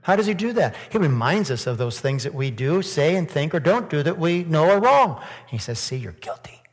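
A male pastor delivers a sermon in a church, his voice sitting a little high. He leans on rhetorical questions and climbs to loud, emphatic peaks. The sound rings out with a long reverb from the hall. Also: sing-song, normal speed. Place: church sanctuary.

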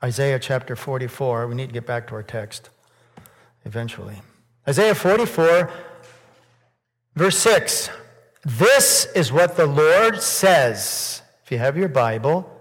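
A man preaching a sermon in church, asking rhetorical questions and building to loud, emphatic peaks. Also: mid-range voice, moderate pace, long pauses. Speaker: pastor. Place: church sanctuary. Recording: long hall reverb.

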